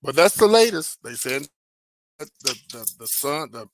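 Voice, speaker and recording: A man's voice: on the high side, sing-song, moderate pace, noisy background. A man hosting an entertainment gossip show, chatting casually and animatedly with viewers, calling them baby and child. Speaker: host of a celebrity gossip channel.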